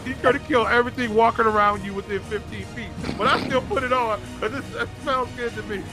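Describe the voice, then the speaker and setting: A man's voice: very high-pitched, steady tone, brisk, over music. A man co-hosting a sports podcast, teasing his partner and rambling through a funny story. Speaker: podcast co-host. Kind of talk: casual sports podcast banter.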